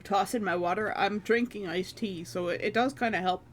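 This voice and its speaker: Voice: medium pitch, moderate pace, slight background noise. A livestreamer from Canada, casually chatting with viewers in a rambling, joking way and swearing offhandedly.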